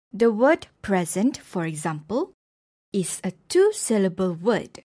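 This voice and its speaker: A woman lecturing on English word stress at a very slow, careful pace, setting each example word apart with a pause. Her voice sits at an ordinary pitch. It is recorded close and dry, with no room sound. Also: a little mellow, no room sound. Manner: slow, deliberate, pausing between example words. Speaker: English pronunciation teacher. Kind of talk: scripted lecture narration.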